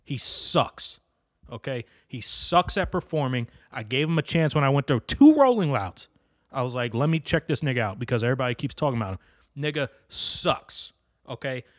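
This man's mid-range voice is animated and moderately paced, captured as clean studio audio without room sound. Ranting casually and hotly about his opinions, he swears frequently and goes over the same points again and again.

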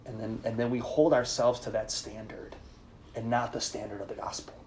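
A priest speaking in a conversational sermon to a live group, leading them in call-and-response. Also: male voice, on the low side, level tone, fairly quick, darkish tone, a little hiss or hum. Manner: informal, leads call-and-response with listeners.

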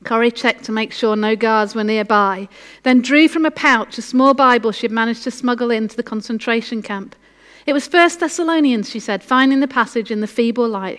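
Woman preacher, earnest and encouraging, slightly high voice, echoey hall. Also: normal speed, a bit bright. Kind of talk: sermon with a story read aloud.

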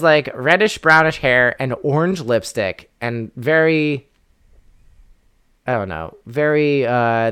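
A young man in easygoing podcast chat, wandering through his points with dry humor and plenty of fillers and restarts. His voice is smooth and clear at a middling pitch. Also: fairly bright tone. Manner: rambling, wry, many fillers and restarts. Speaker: podcast co-host. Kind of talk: casual chat.

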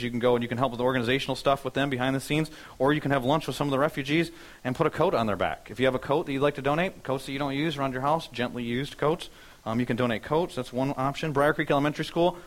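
A man's voice: medium pitch, rough recording. A male pastor preaching a sermon in a church, telling a personal story in a conversational way and acting out what he said and thought. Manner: conversational storytelling preaching, acting out his own past words.

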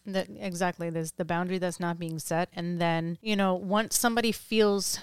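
A woman speaks in casual, blunt conversation and swears freely. Her voice is smooth and clear. The recording is dry and close. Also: on the low side, fairly even intonation, moderate pace, no echo. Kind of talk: casual chat.

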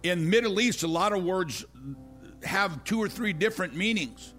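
Older male preacher, high and forceful, impassioned emphatic sermon delivery, soft music behind. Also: moderate pace.

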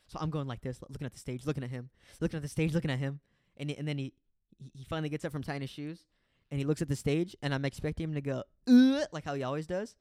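A young man tells a rambling story among friends, swearing freely and stumbling through restarts. He slips into quick impressions of the people he's quoting. His voice sits at an ordinary middle pitch, recorded close and dry. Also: a little mellow, no room sound. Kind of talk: casual chat.

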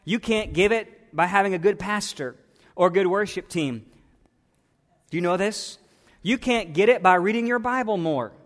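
A man preaching a sermon as pastor, swinging between soft, drawn-out phrases and emphatic, raised lines. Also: sits high, in a large hall.

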